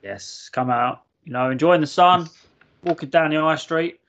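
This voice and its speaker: A man co-hosting a podcast, telling a story in casual, animated chat and swearing freely. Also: fairly high pitch, moderate pace. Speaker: podcast host. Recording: muffled lo-fi podcast audio.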